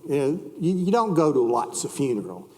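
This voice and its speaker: A man's voice: mid-range voice, big pitch swings, brisk, a little mellow, long reverb tail. A man teaching a church Bible class, chatting with the class, asking them questions and reading scripture aloud.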